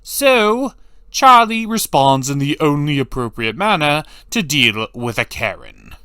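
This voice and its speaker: Man, cartoon recap commentary, animated pitch swings, sarcastic, blunt, dry close sound. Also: measured pace, clean tone, no room sound. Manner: blunt, sarcastic, swears freely. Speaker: cartoon reviewer.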